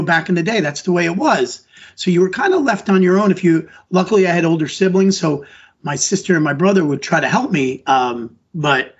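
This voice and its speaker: A man's voice: high-pitched, breathy edge. A middle-aged man, an elementary school teacher, answering podcast interview questions in an earnest, rambling way, often restarting his sentences. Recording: dull lo-fi audio.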